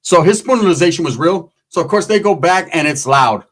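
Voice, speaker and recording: A man's voice: on the high side, expressive, brisk, fairly bright tone. Profane rambling male storyteller. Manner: profane, rambling, slang-heavy. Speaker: comedic storyteller. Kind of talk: casual comedic storytelling.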